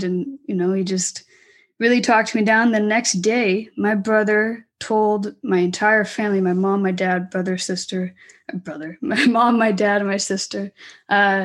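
A woman in her twenties, a guest in an interview, telling a personal story candidly with halting restarts and fillers. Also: mid-range voice, fairly even intonation. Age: 20s.

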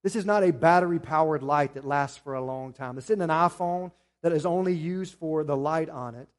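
Male pastor, higher voice, sermon with rising emphasis and quiet asides. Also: moderate pace. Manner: preaching with rising emphasis, then dropping to quiet appeals.

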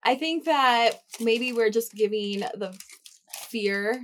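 A young woman co-hosting a podcast in casual chat, telling stories in an animated way, peppered with "like" and swearing. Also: on the high side, slow, slight background noise. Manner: animated storyteller, lots of "like", swears. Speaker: podcast co-host.

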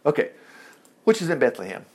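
A man with a high voice that swings widely up and down leads a casual Bible lesson. He talks in a folksy, chatty way, breaking off for asides and firing rhetorical questions at his listeners. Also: sing-song, brisk, a little mellow, husky. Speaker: Bible teacher.

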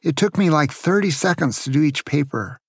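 Gravelly-voiced grandfather telling a story. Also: on the high side, animated, moderate pace, no room sound, clean studio sound. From Santa Cruz, California. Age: older. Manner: gentle, asks the listener questions. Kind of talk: storytelling to children.

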